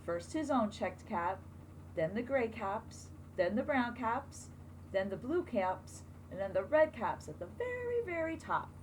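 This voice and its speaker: A woman teacher reading a picture book aloud to children, expressive and asking them questions along the way. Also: on the high side, measured pace, slight background noise, rough recording.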